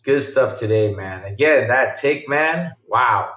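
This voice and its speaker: Animated man hosting a gaming podcast. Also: medium pitch, slow, echoey room. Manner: animated, laughs often, repeats himself. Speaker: podcast host reading live chat. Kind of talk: casual livestream chat.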